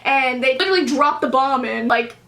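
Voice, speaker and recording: A young woman vlogger telling a storytime to camera in a casual, animated way, peppered with "like" and acted-out quotes. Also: high-pitched, brisk, gravelly. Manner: animated, expressive, heavy use of "like", acts out quotes.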